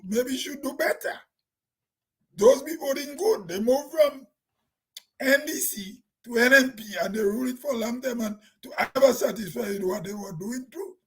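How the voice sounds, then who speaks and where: A man's voice: very high voice, husky, poor audio. A Grenadian man talking plainly in a casual, rambling vlog monologue, laughing to himself now and then. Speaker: vlogger.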